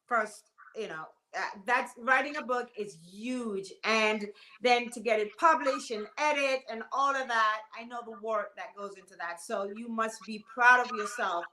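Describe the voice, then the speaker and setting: A Jamaican woman chats as an interview guest, animated and encouraging. Her voice is bright and somewhat high. The recording has room echo and a faint hiss behind her. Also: measured pace. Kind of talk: casual interview talk.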